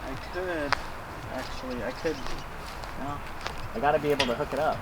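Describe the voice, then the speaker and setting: A man's voice: mid-range voice, normal speed, very noisy. A man outdoors in a yard, giving dry, muttered, self-mocking replies from a distance. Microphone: camera far off. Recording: distant voice, loud birdsong outdoors.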